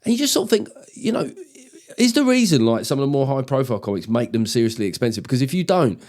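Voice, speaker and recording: A man's voice: mid-range voice, very animated, fast talker, darkish tone. A man hosting his own comedy podcast, talking in a loose, jokey, sweary monologue with lots of asides. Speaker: podcast host.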